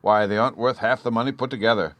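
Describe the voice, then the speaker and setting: A man's voice: mid-range voice, fairly even intonation, fast, fairly bright tone, no echo, pitched above the performer's own voice, close to an everyday voice. A man reading an audiobook, voicing a testy, scornful husband who snaps and sneers. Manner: snappish and scornful.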